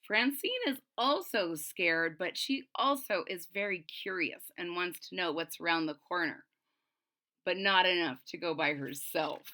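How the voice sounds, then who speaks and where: A woman reading a picture book aloud to children, pausing to explain the story. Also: lowish voice, bright, forceful tone. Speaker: storybook reader.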